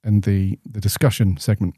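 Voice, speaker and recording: A man's voice: lowish voice, level tone, moderate pace, mellow, breathy edge, no room sound. A man co-hosting a podcast in casual, laid-back chat with plenty of fillers, on a studio mic. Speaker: podcast co-host.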